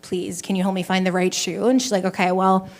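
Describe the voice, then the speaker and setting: A woman's voice: mid-range voice, flat delivery, brisk. Woman doing open mic stand-up. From Canada. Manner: conversational storytelling with swearing and self-deprecating asides. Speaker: stand-up comedian. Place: small comedy venue with live audience.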